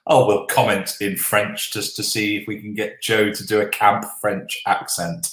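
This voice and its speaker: A man running a live online quiz, reading the answers at an unhurried pace. He jokes with the players between questions and swears now and then. His voice carries a roomy echo. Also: lowish voice, flat delivery, fairly bright tone. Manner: jokey, swears then apologises, reads answers slowly. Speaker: quiz host. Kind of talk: live online quiz hosting, casual banter. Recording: echoey room.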